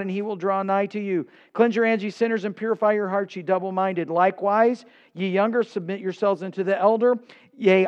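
Preacher, male, high-pitched, dynamic delivery, dull lo-fi recording. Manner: animated preaching, swings from quiet to emphatic. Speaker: pastor. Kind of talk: sermon.

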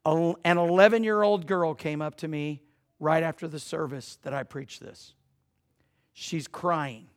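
A middle-aged pastor delivers a sermon at a slightly slow pace in a voice a bit higher than usual. He tells a story softly and quietly before driving home his points with growing emphasis.

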